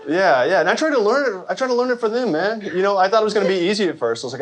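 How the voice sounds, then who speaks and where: A male comedian from Arkansas performs stand-up with a high, bouncy voice that swings all over. He works the crowd and slips into quoted voices. Loud crowd noise fills the background. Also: racing, hardly any pauses. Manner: animated, jokey crowd work with quoted voices. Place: comedy club stage before a laughing crowd. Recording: loud audience noise behind.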